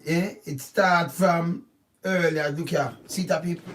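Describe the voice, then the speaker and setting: A man with a Jamaican accent giving casual, animated commentary on a news story, often stopping to ask "see?". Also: fairly high pitch, measured pace, a little hiss or hum. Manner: animated, repetitive, keeps asking "see?". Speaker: channel host. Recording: voice distant from the mic.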